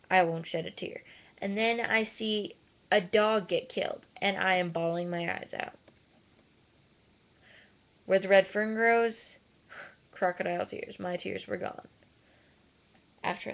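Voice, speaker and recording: A woman vlogging about animal cruelty, earnest and indignant, with sarcastic asides. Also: medium pitch. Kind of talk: casual webcam rant.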